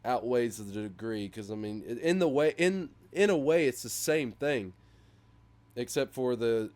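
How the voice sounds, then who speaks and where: With a medium-pitched voice and a slightly slow pace, a young man co-hosts a podcast in casual conversation. He rambles, uses lots of fillers, and gets animated retelling memes.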